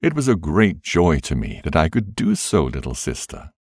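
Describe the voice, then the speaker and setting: Patient, gentle kindly man, read by a man, very low and soft. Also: wildly swooping pitch, normal speed, slightly rough, no echo, clean studio sound, full character voice.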